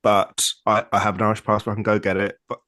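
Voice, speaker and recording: A man's voice: on the low side, flat delivery, fast talker, noisy background. A man chatting easily on a comedy podcast as co-host. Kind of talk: casual podcast chat.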